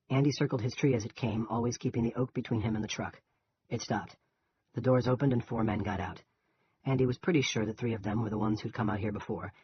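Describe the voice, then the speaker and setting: A man reading a novel aloud in a steady, plain narration. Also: fairly low pitch, husky. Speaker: audiobook reader. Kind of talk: audiobook narration. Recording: dull lo-fi.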